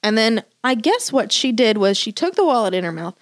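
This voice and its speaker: A woman's voice: a little high, sing-song, fairly quick. Woman, podcast co-host, casual rambling storyteller, curses a lot. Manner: rambling storytelling, swears freely. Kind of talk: casual chat.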